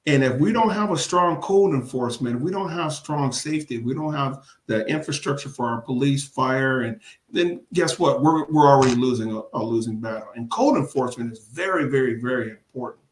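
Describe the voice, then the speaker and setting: A man's voice: medium pitch, fairly quick, a little hiss or hum. A man running for city council, talking emphatically in a casual interview, repeating words for stress and laughing often. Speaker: city council candidate and commissioner. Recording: echoey room.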